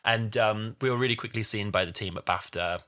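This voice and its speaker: A young man from London with a fairly low but very bright, sharp voice, talking quickly. He co-hosts a podcast, telling stories with enthusiasm in casual chat. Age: 20s. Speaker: podcast co-host.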